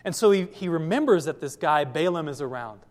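Male pastor, sermon, lively storyteller, high voice, large hall with long reverb. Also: brisk. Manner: lively storytelling, addresses listeners directly.

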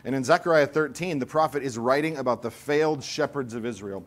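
A man's voice: mid-range voice, brisk. A man preaching a sermon as pastor, explaining scripture earnestly and lifting his voice when he quotes it.

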